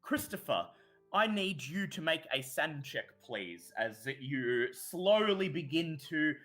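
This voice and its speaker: A man narrating a tabletop horror game as game master, telling the scene in an animated way with hesitations. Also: on the high side, takes it slowly, soft background music.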